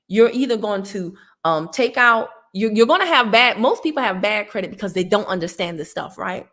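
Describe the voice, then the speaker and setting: A woman's voice: a little high, very animated, moderate pace, vocal fry, fairly bright tone. A woman with a Southern American accent, a credit tips host talking casually and preachily as she answers a viewer, laughing as she goes. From Southern United States.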